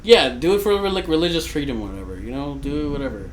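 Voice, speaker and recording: A man's voice: mid-range voice, very animated, fast talker, a little hiss or hum. A young man from Florida with a Miami accent, co-hosting a casual podcast chat and rambling through what he reads aloud. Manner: rambling, reads aloud and slips into mock voices. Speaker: podcast co-host.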